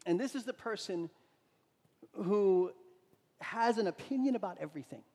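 A man with a high, light voice preaches a sermon, telling the story like a chat and often restarting his sentences. His voice rings out with a long reverb trailing behind it, as if he were in a big hall. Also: lively intonation, moderate pace, a little mellow. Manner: conversational storytelling with frequent restarts.

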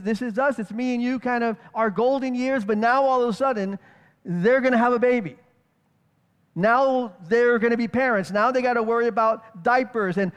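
A high-pitched male preacher giving a relaxed, conversational Bible teaching. He thinks out loud and often checks in with his listeners through rhetorical questions. His voice rings in a hall with long reverb. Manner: thinks aloud, with restarts and rhetorical "right?".

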